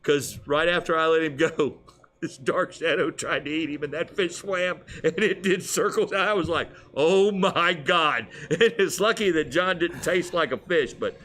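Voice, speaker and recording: A man co-hosting a casual fishing show, telling stories with lively put-on voices and frequent laughs. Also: a little high, moderate pace. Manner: animated storyteller, laughs often.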